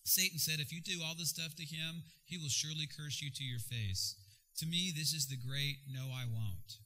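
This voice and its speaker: A man preaching a sermon in an animated, jokey way with sudden bursts of energy. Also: a little high, moderate pace, rough recording. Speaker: pastor.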